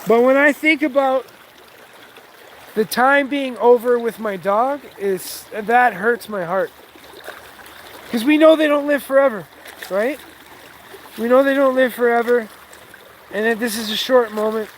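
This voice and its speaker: A man vlogging outdoors while standing in a stream with his dog, musing slowly and emotionally and coaxing the dog to talk. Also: extremely high pitch, a little hiss or hum, rough recording. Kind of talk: casual outdoor vlog.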